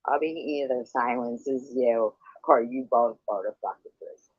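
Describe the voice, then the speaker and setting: A man's voice: mid-range voice, a little slow, breathy edge, no room sound. A man in a heated livestream argument, hostile, profane and accusing. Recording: dull lo-fi stream audio.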